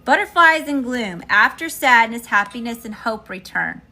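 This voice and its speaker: Bright-voiced woman reading tarot live. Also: a little high, lively intonation, normal speed, soft background music. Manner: chatty, greets viewers in the chat between card readings. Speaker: tarot reader.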